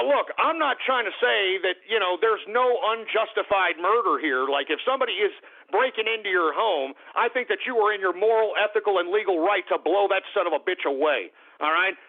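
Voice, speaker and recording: A man hosting a call-in radio show, ranting bluntly and profanely and tagging his points with "all right?" and quick apologies. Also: high-pitched, vocal fry, narrow, tinny audio.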